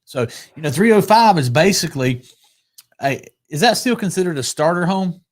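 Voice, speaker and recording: A man's voice: on the high side, expressive, moderate pace. A man hosting a casual talk show, chatty, often restarting and repeating his words. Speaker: podcast host. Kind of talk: casual chat.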